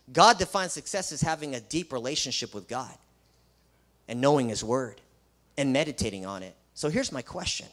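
A man's voice: fairly high pitch, a little fast, a bit bright. A man who is a Christian school principal, preaching an emphatic sermon full of rhetorical questions and sarcastic asides.

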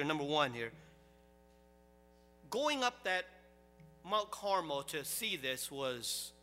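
A man preaching a sermon as pastor, swinging from quiet storytelling to loud, animated preaching. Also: high-pitched, in a large hall.

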